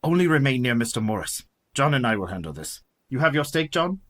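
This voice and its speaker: An actor playing a resolute, scholarly vampire hunter in a radio play, with a husky, authoritative voice. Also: male voice, mid-range voice, sing-song, fairly quick, a bit bright. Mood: commanding.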